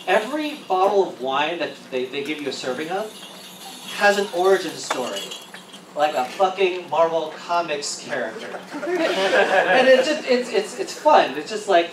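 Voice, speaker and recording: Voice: mid-range voice, big pitch swings, normal speed. A stand-up comedian doing a set, rambling and profane, often breaking into laughter. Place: event hall at a convention. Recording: roomy, distant, with noisy ambience.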